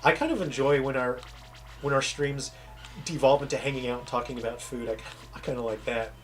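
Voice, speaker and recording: A game developer chats casually with livestream viewers in a brisk, mid-range voice with a faint Southern American accent, soft music playing behind him. He's a rambling, self-interrupting storyteller who trails off and restarts mid-sentence.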